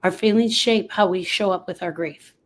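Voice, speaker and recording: A woman's voice: on the low side, normal speed, low-quality recording. A woman grief coach talking listeners through coping tools, repeating key phrases for emphasis. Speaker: grief coach and podcast host. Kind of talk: coaching talk to camera.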